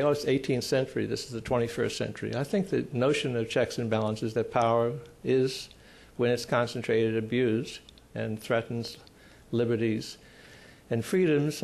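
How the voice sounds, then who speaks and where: A man speaking at a conference panel on constitutional law. He explains in a measured way, pausing often, with dry, emphatic asides. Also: medium pitch, a little mellow. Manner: measured, explanatory, with frequent pauses.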